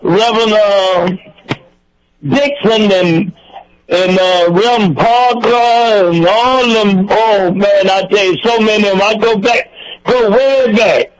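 An older man from Georgia calls in with a fairly high voice. He rambles through old memories in a relaxed, repetitive way. The call sounds dull and lo-fi. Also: slow pace. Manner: warm-hearted storyteller, repeats himself. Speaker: radio caller. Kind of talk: casual reminiscing chat.

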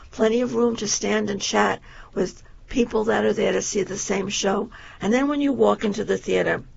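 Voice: medium pitch, vocal fry, highs cut off, a little hiss or hum. A show host giving a meandering, enthusiastic theater review, piling on adjectives, with a voice that wavers up and down.

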